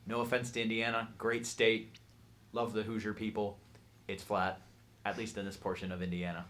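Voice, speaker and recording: Guy gm, lowish voice, laid back, lots of uhs. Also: normal speed, slight background noise. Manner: relaxed, explanatory, with frequent fillers. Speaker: game master. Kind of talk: narrating a tabletop game.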